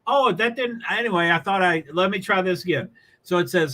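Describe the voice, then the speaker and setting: A chatty man from New England talks off the cuff on his livestream, wandering between thoughts and laughing often. His voice sits high for a man, with a bright, forward edge. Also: fairly quick, rough recording. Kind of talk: casual live commentary while watching a race.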